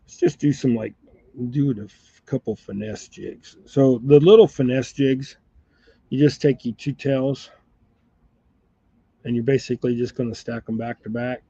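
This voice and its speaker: Gravelly laid-back man at a tying bench. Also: medium pitch, a little slow, pauses often, dark tone. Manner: rambling, laid-back, laughs often. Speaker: fly and jig tier, channel host. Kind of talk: casual tying demonstration chat. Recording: dull lo-fi dry sound.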